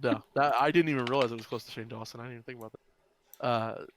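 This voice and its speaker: A Southern-accented man running a tabletop role-play as game master. He rambles along with plenty of fillers and laughs, in a mid-pitched, everyday voice. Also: fairly even intonation, fast, fairly bright tone, slight background noise.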